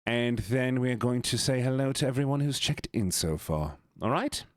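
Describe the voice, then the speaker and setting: A man's voice: mid-range voice, moderate pace, no room sound, clean studio sound. A man livestreaming, chatting casually and teasing his viewers as he greets them one by one. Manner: playful, teasing, greets chat by name. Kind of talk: casual stream chat with viewers.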